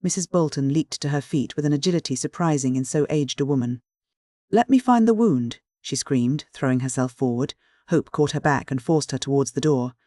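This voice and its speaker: A man narrating a classic mystery audiobook in a measured, clear reading. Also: medium pitch, steady tone, a little mellow, no room sound, studio quality. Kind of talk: scripted literary narration.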